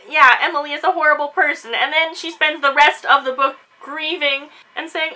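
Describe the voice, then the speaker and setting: A woman chatting casually in a book discussion vlog, animated and quick to act out quotes. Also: high-pitched, low-quality recording. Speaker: book reviewer.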